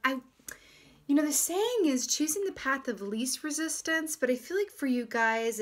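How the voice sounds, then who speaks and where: A woman giving a casual, gentle tarot reading to her viewers, reflective and full of fillers and restarts. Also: high voice, animated, moderate pace. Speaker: tarot reader.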